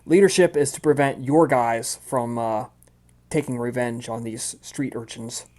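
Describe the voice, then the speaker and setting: A man's voice: mid-range voice, unhurried, darkish tone. A man narrating as game master of a tabletop role-playing game, loose and chatty with many fillers.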